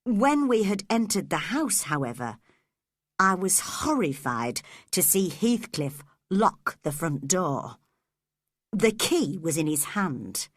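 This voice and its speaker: Slow, clear woman storyteller. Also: on the low side, big pitch swings, dry recording, clean studio sound. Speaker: narrator. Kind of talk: graded reader story narration.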